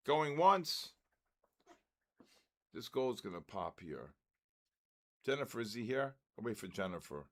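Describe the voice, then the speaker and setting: An older man hosting a live trading stream, reading out usernames and calling them in the style of an auctioneer. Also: medium pitch. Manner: auctioneer-style calls, loud shouts of "next".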